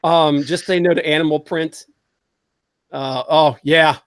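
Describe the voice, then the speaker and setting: A man hosting a casual livestream talk show, animated and opinionated, reading chat comments aloud. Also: on the high side, unhurried, no echo, studio quality. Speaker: podcast host.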